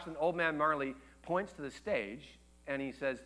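A man preaching a sermon, telling a story with lively shifts between loud excited quotes and hushed quiet passages. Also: normal speed, hardly any pauses. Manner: animated storytelling, acts out quotes with jumps in pitch and volume; drops to a hushed, low voice for tender moments. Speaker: pastor.

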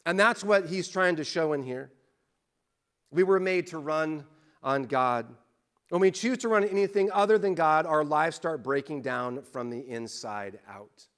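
A man's voice: a little high, measured pace, fairly bright tone. A male pastor giving a conversational sermon, telling stories and building to emphatic points. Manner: conversational preaching, rises into emphatic storytelling.

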